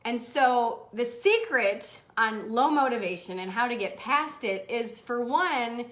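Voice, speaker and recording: A woman hosting a live motivational stream in a bubbly, animated manner, laughing often and swearing casually. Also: on the high side, unhurried. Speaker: host. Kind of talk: livestream motivational talk.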